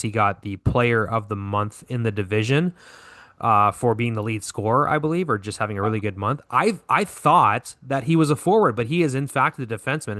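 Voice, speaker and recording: A man's voice: mid-range voice, sharp tone, no room sound, studio quality. A man co-hosting a podcast, recapping hockey scores in a casual way and correcting himself with lots of fillers. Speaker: podcast co-host.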